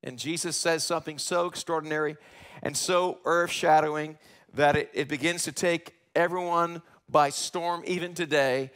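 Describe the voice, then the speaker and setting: A man preaching a sermon in a church, animated, acting out quoted questions in a rising voice. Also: a little high. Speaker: pastor. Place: church sanctuary, live broadcast.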